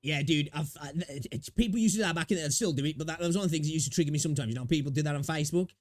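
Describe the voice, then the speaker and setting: Fast-talking, sweary streamer. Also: male voice, on the high side, dry recording, clean studio sound. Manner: rambling and sweary, many fillers. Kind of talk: casual live-stream chat.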